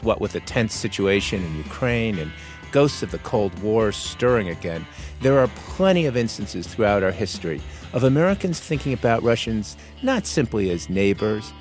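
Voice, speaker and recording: A man co-hosting a history show, giving a thoughtful scripted introduction. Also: lowish voice. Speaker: history podcast co-host.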